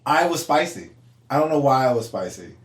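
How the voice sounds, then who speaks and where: A young man co-hosting a casual podcast, telling a story with lively acted-out quotes and frequent laughter. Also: brisk. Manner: animated, acts out quotes with big pitch jumps, laughs often. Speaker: podcast co-host. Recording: echoey room.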